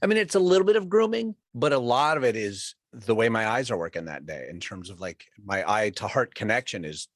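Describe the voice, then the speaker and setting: A man's voice: lowish voice, lively intonation, a little fast, hardly any pauses, no room sound, studio quality. A man co-hosting a podcast, candid and self-deprecating, swearing and acting out his own reactions. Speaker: podcast co-host. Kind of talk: casual chat.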